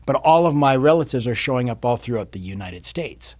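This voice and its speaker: A man in his fifties, a podcast guest, telling a personal story in casual interview talk, animated and repeating words as he goes. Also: medium pitch, a little fast. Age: 50s.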